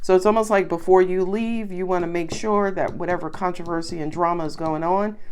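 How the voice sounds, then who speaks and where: A woman's voice: fairly low pitch, fairly even intonation, fairly quick, a little mellow, clear, resonant tone. A woman with a Southern US accent giving a chatty, reassuring tarot reading to her viewers. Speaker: tarot reader.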